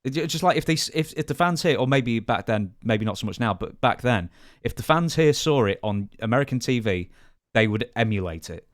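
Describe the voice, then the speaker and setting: A man's voice: medium pitch, expressive, brisk, dry recording, studio quality. A man co-hosting a podcast, asking questions with stammering restarts. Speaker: podcast co-host and interviewer. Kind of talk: casual interview questions.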